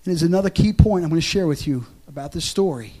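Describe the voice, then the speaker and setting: A man preaching in a church, moving from hushed storytelling to loud, fervent altar-call exhortation. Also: on the high side, lively intonation, fast talker. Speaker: pastor. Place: church service with music behind.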